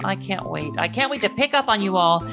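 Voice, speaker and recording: Chatty gravelly-voiced man hosting. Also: high-pitched, brisk, over music. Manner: chatty, animated storyteller. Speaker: host. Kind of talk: casual chat show talk. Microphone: video call.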